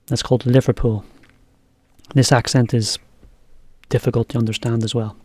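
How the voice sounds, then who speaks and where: Relaxed male teacher, mellow and chatty, dry close recording. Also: medium pitch, moderate pace, no room sound. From England. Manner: relaxed, chatty, laughs often. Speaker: English teacher. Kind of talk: casual lesson commentary.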